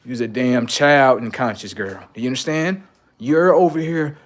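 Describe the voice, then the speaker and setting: A man livestreaming blunt, profane relationship advice, lecturing viewers as "sir" and swinging between loud outbursts and low mutters. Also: moderate pace. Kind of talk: casual livestream monologue.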